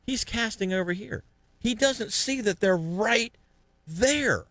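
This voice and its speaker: A man hosting a fishing podcast, telling a lively fishing story in casual chat and acting out the other anglers' lines. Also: sits high, slow pace, dry recording. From Florida.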